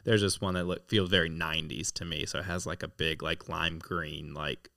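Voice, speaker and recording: A man's voice: deep voice, fairly even intonation, moderate pace, creaky, pushed and bright, dry recording. A man chatting casually as a podcast co-host, rambling with lots of filler words, dry close-miked sound. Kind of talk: casual chat.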